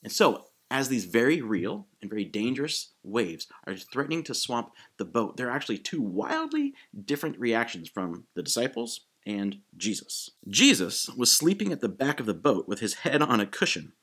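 A man preaching a sermon in a casual, animated way, acting out quick quotes as he goes. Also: mid-range voice, husky. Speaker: pastor.

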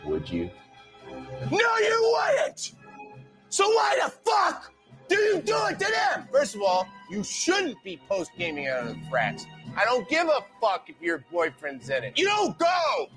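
An actor reading out an angry email as a furious young sorority officer, profane and sneering, often breaking into shouts. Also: male voice, high-pitched, wildly swooping pitch, measured pace, faint music behind, heavily acted. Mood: shouting. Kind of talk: dramatic reading of a profane rant.

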